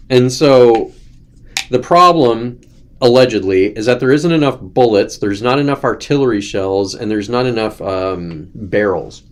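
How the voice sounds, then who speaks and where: A man's voice: fairly low pitch, normal speed. A man hosting his own show, talking in a loose, ranting, sarcastic way and often slipping into mocking quotes. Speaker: host. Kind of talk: casual political commentary.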